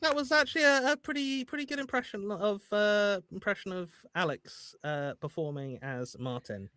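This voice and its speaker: Male host, bright, animated, stammers; dry sound. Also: high voice, moderate pace, no echo. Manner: excitable, stammering restarts. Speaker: game show host. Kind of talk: live stream game show hosting.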